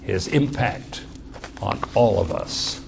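A man's voice: fairly low pitch, lively intonation, takes it slowly, vocal fry, background noise. A man preaching a verse-by-verse sermon in a conversational way, often repeating words as he explains.

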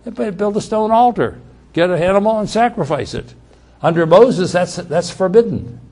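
With lively intonation and a high pitch at normal speed, a man preaches, circling back to key words for emphasis. His sentences restart, and his delivery swings from loud declarations to quiet side remarks.

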